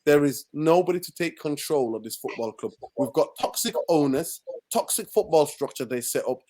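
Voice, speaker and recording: A man's voice: a little high, expressive, normal speed, mellow. Passionate man ranting. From Manchester, England. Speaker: podcast guest and channel host. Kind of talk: heated football podcast discussion.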